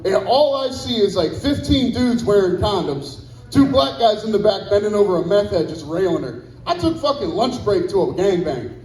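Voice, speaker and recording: High-voiced man telling crude stand-up stories. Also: darkish tone, a little hiss or hum. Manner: profane, rambling storytelling with frequent asides to the crowd. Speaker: stand-up comedian. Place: comedy club stage. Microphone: handheld mic. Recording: roomy club echo.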